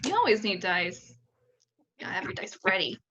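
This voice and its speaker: A woman's voice: medium pitch, sing-song, brisk, bright, forceful tone, highs cut off, slight background noise. A woman hosting a casual podcast, playful and giggly as she runs a game with her guests. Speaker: host.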